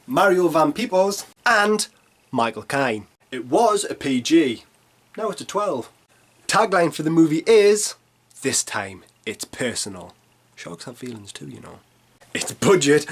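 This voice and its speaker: A man in his thirties reading a scripted film review, with sarcastic, punchy jokey asides. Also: on the high side. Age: 30s.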